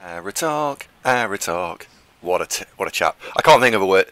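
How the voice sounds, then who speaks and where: A man playing a game on a live stream, commentating casually with excitable, playful reactions. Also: lowish voice, brisk, no room sound.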